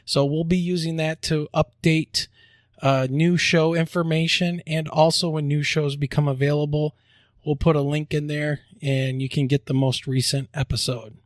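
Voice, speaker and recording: A man's voice: on the high side, little pitch movement, no room sound, clean studio sound. Upbeat joking podcast host man. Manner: upbeat, jokey promo delivery, spells out web addresses slowly. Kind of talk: casual podcast chat and announcements.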